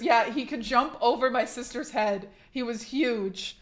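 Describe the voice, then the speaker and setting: A woman's voice: a little high, unhurried. A young woman livestreamer chatting casually to her viewers, swearing freely and restarting her sentences often. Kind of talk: casual chat to stream viewers.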